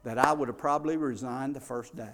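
A man preaching a sermon as pastor, swinging between loud bursts and quiet asides. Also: mid-range voice, steady tone, brisk. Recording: long reverb of a large hall.

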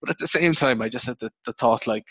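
A young Irish man hosting a podcast, telling rambling, swearing stories with sudden high jumps in his voice. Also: very fast, slightly rough, no echo, highs cut off. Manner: rambling, swears, animated storytelling with pitch jumps. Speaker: podcast host. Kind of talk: casual podcast chat.

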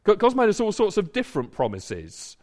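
A man's voice: high-pitched, wildly swooping pitch, brisk, darkish tone. A man preaching a sermon in an earnest, conversational way, building to emphatic points.

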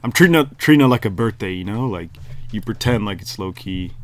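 Easygoing low-voiced male podcast host. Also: brisk. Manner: relaxed, filler-heavy, easygoing. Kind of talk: casual chat.

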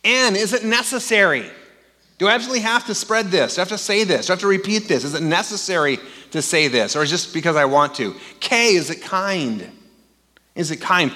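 A man's voice: high voice, sharp tone, long reverb tail. A man preaching a sermon in a conversational, storytelling way, full of rhetorical questions. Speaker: pastor.

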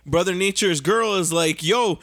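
A man's voice: high-pitched, fairly quick, pushed and bright. A young man, swearing and using slang as he tells a story animatedly in a casual podcast chat.

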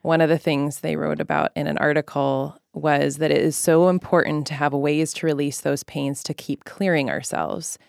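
Thoughtful woman therapist with a gravelly edge, dry recording. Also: low-pitched, steady tone, moderate pace, few pauses, darkish tone, no echo. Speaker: therapist, podcast co-host. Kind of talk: casual conversation.

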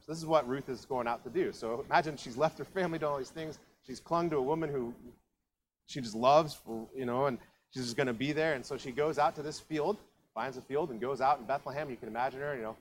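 An Ohio pastor delivers his sermon like a story told among friends, constantly throwing asides and questions to the congregation. His voice is ordinary middle pitch and fast, and the rough recording carries a faint hiss.

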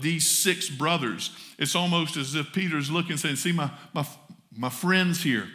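A male pastor with a Southern US accent delivers a folksy sermon to his congregation. His voice sits high and sounds bright and forceful. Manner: folksy, addresses congregation as y'all. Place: church sanctuary.

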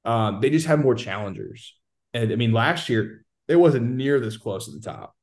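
A man's voice: medium pitch, big pitch swings, moderate pace, a little mellow. A man on a casual sports chat, confidently breaking down how the league is going. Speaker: soccer analyst guest.

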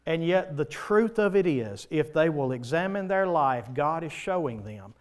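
A man preaching a sermon in church, pleading and impassioned, swinging from loud swells to soft, quiet passages. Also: a little high, expressive, unhurried, hardly any pauses.

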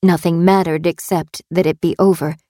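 A woman narrating a suspense audiobook in a steady, tense storytelling manner. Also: fairly low pitch, normal speed, dry recording, clean studio sound.

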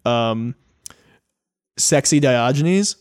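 A man's voice: medium pitch, expressive, drawn-out words, smooth. A young man co-hosting a podcast in casual chat, rambling and profane, laughing often. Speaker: podcast co-host.

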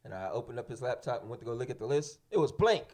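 A man's voice: medium pitch, rapid-fire. A man co-hosting a podcast in casual chat, joking and telling playful made-up stories. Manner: joking, animated storyteller. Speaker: podcast co-host.

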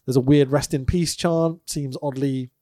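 A man's voice: mid-range voice, fairly even intonation, normal speed, dark tone, dry recording. A man co-hosting a podcast, recapping wrestling matches in a dry, wry tone with offhand swearing. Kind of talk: casual chat, match recap.

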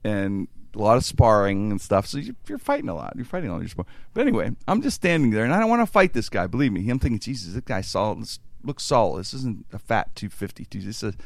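A middle-aged man from Pittsburgh spins a rough, profane story in casual chat, lurching through restarts and asides. His voice sits fairly low and sounds close and dry, with no room around it. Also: fast talker, hardly any pauses, no room sound. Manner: profane, animated, lots of restarts.

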